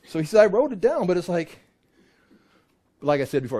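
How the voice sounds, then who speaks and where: A middle-aged man teaching a Bible class in an animated way, with sarcastic asides and mock voices. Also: high-pitched, moderate pace, pauses often.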